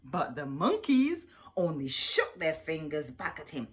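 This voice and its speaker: A woman reading a picture book aloud to children in an animated way, stopping to ask her young listeners questions. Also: sits low, a little slow. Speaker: children's storyteller.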